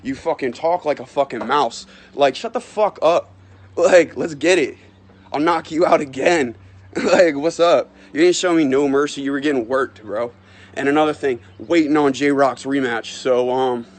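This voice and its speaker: A man, an amateur fighter, making a profane and boastful callout of his rival. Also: mid-range voice. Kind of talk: trash-talk callout video.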